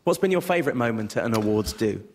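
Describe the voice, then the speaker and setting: A man's voice: mid-range voice, animated, fast talker, noisy background. A man hosting a radio comedy panel show, with playful, teasing banter. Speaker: host.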